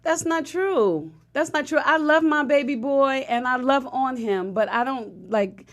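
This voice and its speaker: A woman who is a mother, chatting casually on a podcast and telling animated stories with frequent laughter. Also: high-pitched, measured pace. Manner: animated storyteller, laughs often.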